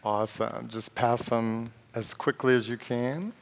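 A pastor preaching a sermon in a conversational, joking way and reading scripture aloud. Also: male voice, medium pitch, fairly even intonation, measured pace, vocal fry. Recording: long reverb of a large hall.

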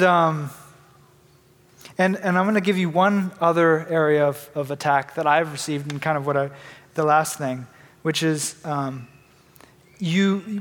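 A man's voice: high voice, a bit bright, in a large hall. A young man sharing a candid, conversational personal testimony in church, often restarting his sentences. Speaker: church member giving testimony.

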